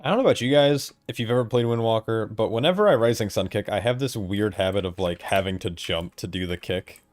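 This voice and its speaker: A man's voice: lowish voice, a little fast, dry recording. Laid-back man streaming a game. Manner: laid-back, profane, laughs often. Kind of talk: casual gameplay chat.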